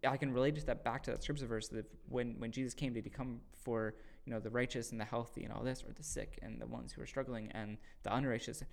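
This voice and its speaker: A man at an ordinary middle pitch talks through a scripture passage in a relaxed, conversational way. He is earnest and now and then jumps into louder acted-out lines. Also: fast talker, creaky, hardly any pauses. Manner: earnest, acts out quoted voices with sudden loud bursts. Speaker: podcast host teaching scripture. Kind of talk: casual faith discussion.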